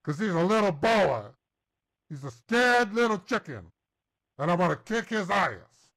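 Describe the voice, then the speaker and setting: A man's voice: sits high, sing-song, measured pace, fairly bright tone, exaggerated voice. A man playing a brash, crude older caller who taunts a phone scammer with insults. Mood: taunting. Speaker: scambaiter host. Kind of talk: prank call taunting.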